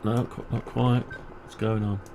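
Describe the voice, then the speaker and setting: A man's voice: fairly low pitch, flat delivery, a little slow, heavy background noise. A man thinking aloud as he works on a CAD design, muttering half-sentences to himself. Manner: muttering to himself while working. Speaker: channel host designing in CAD. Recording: home recording with keyboard clicks.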